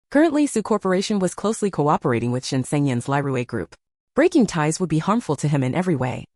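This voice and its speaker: A woman's voice: low voice, big pitch swings, quick pace, warm tone, no room sound, studio quality. A woman narrating a romance novel in a scripted storytelling manner.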